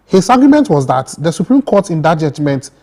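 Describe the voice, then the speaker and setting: A man hosts a talk show in a steady, measured way. His voice is mellow and a little high. He recounts the news plainly and calmly. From Ghana. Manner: steady, measured delivery with brief listening murmurs. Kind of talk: reading a news recap on air.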